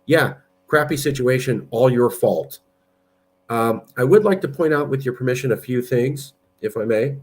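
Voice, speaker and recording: A man's voice: mid-range voice, animated, moderate pace. A man giving blunt, argumentative political commentary while sharing his screen. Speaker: political movement president.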